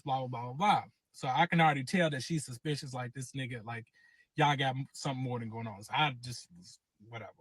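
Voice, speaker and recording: A man, casually telling a long personal story and acting out every quote with lively cursing. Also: a little high, no room sound. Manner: animated, acts out quotes with cursing. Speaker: guest telling his story.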